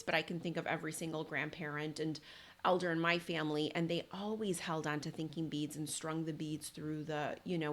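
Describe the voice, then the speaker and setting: A woman hosting a solo parenting podcast, talking in an earnest, conversational way with restarts and repeated words. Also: sits low.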